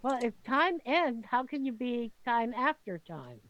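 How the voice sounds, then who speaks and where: A woman's voice: on the high side, very animated, unhurried, muffled recording. A woman playing a tabletop role-playing game, chatting casually and rambling through explanations. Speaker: player.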